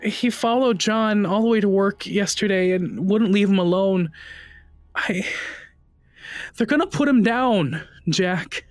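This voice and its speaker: A man's voice: sits high, a little slow, no room sound, clean studio sound, voice pushed up. A man voicing a tearful, grieving young woman who pleads and breaks off mid-sentence. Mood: distraught.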